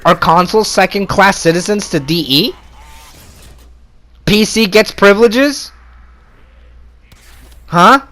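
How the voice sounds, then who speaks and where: High-pitched, pushed and bright, this gamer talks slowly and pauses often while ranting on video through a console capture mic. He's furious and heated, cursing nonstop, going over the same points and getting sarcastic in his complaints.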